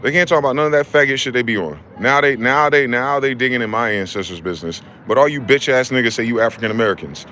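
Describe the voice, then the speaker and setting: In an angry ranting monologue, a vlogger swears and confronts, repeating the same rhetorical questions. His medium-pitched voice is expressive and sharp, fast with few pauses, over a little hiss or hum.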